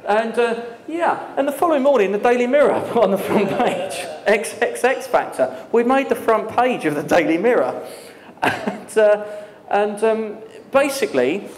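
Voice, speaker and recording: A man telling a lively story to an audience at a live talk, laughing often and using many fillers. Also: high voice, unhurried, a little hiss or hum. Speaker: guest speaker. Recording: echoey hall with long reverb.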